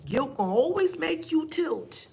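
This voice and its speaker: A woman's voice: high voice, very animated, measured pace, vocal fry, darkish tone. A woman giving a spiritual reading, taunting and emphatic, asking pointed rhetorical questions. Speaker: tarot reader.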